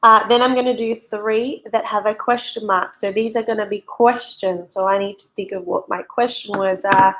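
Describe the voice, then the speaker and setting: A woman, a primary school teacher giving a recorded lesson to children, speaking slowly and clearly. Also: medium pitch, steady tone, fairly bright tone. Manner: slow and clear, spelling out and explaining for young pupils.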